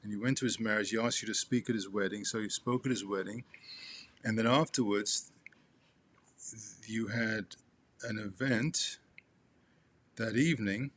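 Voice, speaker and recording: Man reading a memoir aloud, halting. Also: on the low side, fairly bright tone. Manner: halting, restarts and talks to the listener as "you". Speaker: son reading aloud to his father.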